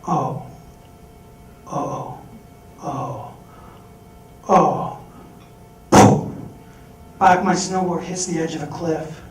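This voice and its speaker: A man telling a personal story on stage, animated, acting out the voices he quotes. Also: on the high side, slow pace, pauses often, a little hiss or hum. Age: adult. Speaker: speaker. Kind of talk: storytelling talk. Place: large hall. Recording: echoey hall from far off.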